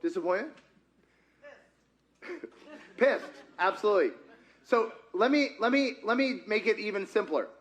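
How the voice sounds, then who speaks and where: A pastor delivers a sermon in a fairly high voice for a man. He talks in a loose, animated way, stopping often to put questions to the congregation. He is speaking in a church. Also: a little slow, pauses often. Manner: asks the congregation frequent questions; conversational and animated. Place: church sanctuary.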